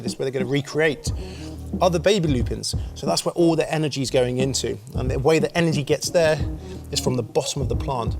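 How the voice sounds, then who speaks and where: A gravelly-voiced man, pitched in the middle, demonstrates gardening outdoors with cheerful enthusiasm. His casual, talkative delivery is sprinkled with jokes, and a music track runs under him.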